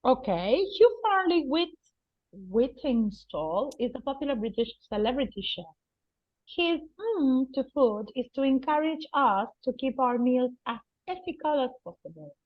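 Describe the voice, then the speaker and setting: A woman's voice: high voice, animated, measured pace, no room sound. Woman, patient English teacher; dry, muffled recording. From Argentina. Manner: patient, explaining words and checking with "right?". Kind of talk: teaching a vocabulary lesson. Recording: dull, lo-fi and dry.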